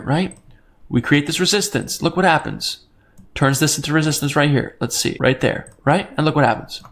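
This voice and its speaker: A young man teaching crypto trading over a screen share, excitable and repetitive, often checking in with "right?" and jumping up in pitch on his key points. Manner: pitch jumps up on emphatic points. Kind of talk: screen-share chart walkthrough.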